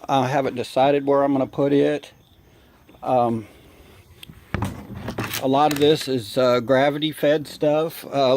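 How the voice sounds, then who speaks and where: A man out of breath, filming a casual walk-around vlog outdoors, halting with many fillers. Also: medium pitch, darkish tone. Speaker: hobby gardener vlogger. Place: outdoor yard.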